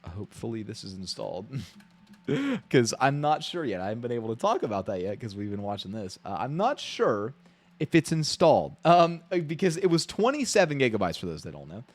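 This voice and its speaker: A man's voice: medium pitch, sing-song, brisk. A man live-streaming his reactions to a game showcase, ranting bluntly and profanely with frequent restarts.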